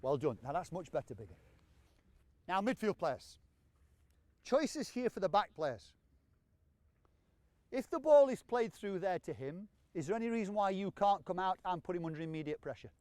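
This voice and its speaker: A man running an on-pitch football coaching session outdoors, calling out brisk, encouraging commands to his players. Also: big pitch swings, darkish tone, no echo.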